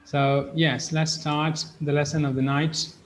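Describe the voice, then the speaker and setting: A man teaching an online English pronunciation lesson, speaking slowly and patiently and repeating each example word twice. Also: fairly high pitch, flat delivery, slight background noise, low-quality recording.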